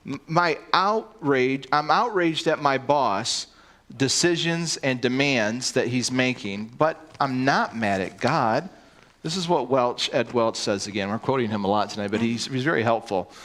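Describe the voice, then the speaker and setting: A man's voice: medium pitch, normal speed, fairly bright tone. A man preaching a sermon, earnest and emphatic, often repeating words as he starts a sentence.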